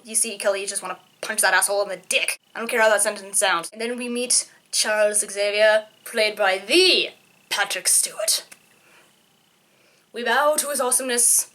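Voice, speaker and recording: A woman giving casual film commentary, sarcastic and ranting, with loud exasperated outbursts. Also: on the high side. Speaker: film reviewer.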